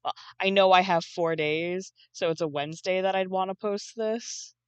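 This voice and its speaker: A woman's voice: on the low side, normal speed, clear, resonant tone, dry recording. A young woman streamer chatting casually while she draws, groggy from just waking up, rambling and swearing now and then. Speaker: streamer and artist. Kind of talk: casual live-stream chat.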